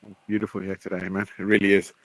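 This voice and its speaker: A man's voice: lowish voice, monotone, fast talker, dry recording, rough recording. Laid-back man giving a walk-around tour. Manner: laid-back, friendly, says bro and cheers. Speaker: guest showing his holiday cabin. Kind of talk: casual walk-around chat.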